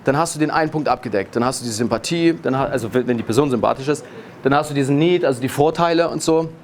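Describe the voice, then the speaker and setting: A man giving an energetic marketing talk with punchy stresses and occasional restarts mid-phrase. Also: medium pitch, very fast, a little hiss or hum. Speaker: business speaker.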